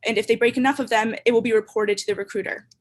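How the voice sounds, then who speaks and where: A young woman presenting her startup in a steady, rehearsed pitch over a video call. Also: very fast. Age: young adult. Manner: clear, steady, rehearsed delivery.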